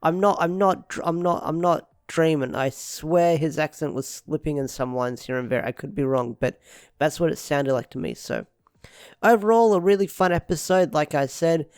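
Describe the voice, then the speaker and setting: A man's voice: a little high, moderate pace, a little mellow, clear, resonant tone, no echo, clean studio sound. A young man giving a casual, rambling review of a TV episode, repeating himself with lots of fillers. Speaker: show reviewer.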